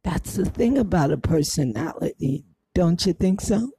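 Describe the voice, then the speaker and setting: A woman's voice: fairly low pitch, expressive, normal speed, creaky, dark tone, husky, no room sound. A woman leaving a chatty, familiar voice message for a podcast host. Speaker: caller. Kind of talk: recorded voice message.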